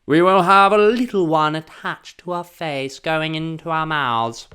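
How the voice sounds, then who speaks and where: Guy doing a stuffy posh brit comic, prim and pompous, pitched up a bit. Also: measured pace, bright, forceful tone, clean tone. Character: pompous posh British male comedian.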